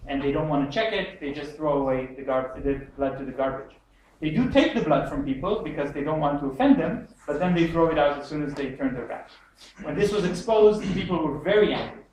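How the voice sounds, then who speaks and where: A man's voice: a little high, lively intonation, a little mellow. Man lecturing in an echoey hall. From Israel. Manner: halting, many fillers and restarts. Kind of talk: public lecture. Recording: echoey hall, mic far off, faint noise.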